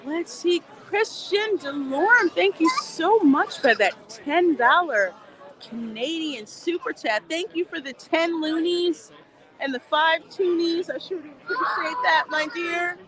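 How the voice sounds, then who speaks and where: Her voice is extremely high, slow and a bit bright as she walks through a theme park on a casual livestream. The woman chats, laughs often and reads viewers' comments aloud, with faint outdoor noise in the background.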